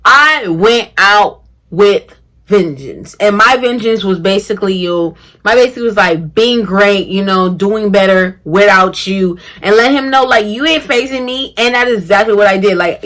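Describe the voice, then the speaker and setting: A young woman telling a storytime in a chatty, animated way, often addressing her viewers directly. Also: mid-range voice, normal speed. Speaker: vlogger. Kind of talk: casual storytime vlog.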